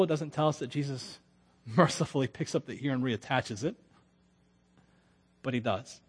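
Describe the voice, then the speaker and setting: A man preaching a sermon as a pastor, telling the story with lively humor and frequent stammering restarts. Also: fairly high pitch, breathy edge. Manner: animated, acts out quotes with humor, stammering restarts.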